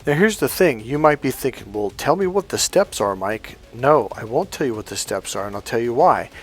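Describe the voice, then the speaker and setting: A man talking as a dating coach in a profane, emphatic rant straight to his listeners. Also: medium pitch. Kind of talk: monologue to camera.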